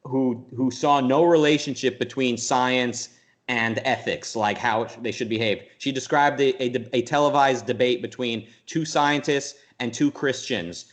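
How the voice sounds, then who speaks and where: A man as an interview guest, talking in a rambling, animated way, full of restarts and quick jumps into mock voices. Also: medium pitch. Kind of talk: casual conversational interview.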